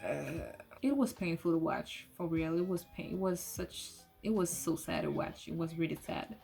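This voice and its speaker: Excitable woman reviewing a movie. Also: low-pitched, moderate pace, vocal fry. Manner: excitable, swears often, restarts sentences. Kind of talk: casual spoken movie review. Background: soft lofi music.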